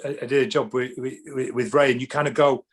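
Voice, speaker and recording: A man guesting on a podcast in casual chat, telling animated stories and acting out what people said. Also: medium pitch, fairly quick, slightly rough. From England. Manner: animated storyteller, acts out quotes, many restarts.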